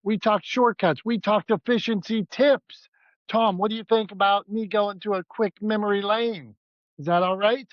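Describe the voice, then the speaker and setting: Podcast co-host, a man with a high voice and a joking, self-mocking manner; dry, slightly muffled audio. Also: steady tone, normal speed, no room sound. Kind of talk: casual podcast banter.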